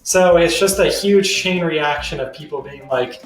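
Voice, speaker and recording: A man's voice: fairly high pitch, normal speed, far from the mic. A young man teaching a history lesson in a casual, slangy, chatty way. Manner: laid-back, slangy, chatty. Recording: roomy sound from away from the mic.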